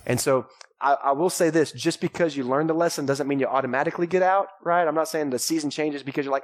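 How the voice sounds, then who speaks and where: A man in his thirties from Texas, a pastor preaching a lively sermon to a congregation and calling out to them. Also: fairly high pitch, fast talker. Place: church sanctuary before a congregation. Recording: live church recording.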